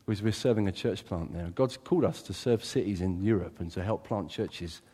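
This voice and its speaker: A man preaching a sermon as a pastor, animated, swinging from loud exclamations to quiet asides. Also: low-pitched, fairly quick, husky. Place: church. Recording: reverberant church hall.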